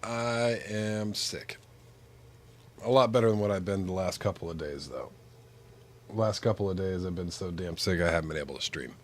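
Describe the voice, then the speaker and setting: A man's voice: low voice, fast. A man streaming while sick with the flu, his voice congested and nasal, chatting casually and joking as he rambles. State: congested, stuffy nose from flu. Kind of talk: casual chat while gaming.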